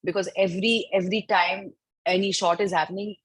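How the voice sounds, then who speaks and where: A young Indian woman, an actress, chatting in an interview in an animated, excitable way with a husky voice and Indian English accent. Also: mid-range voice, fairly quick, no room sound, poor audio. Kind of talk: casual interview chat.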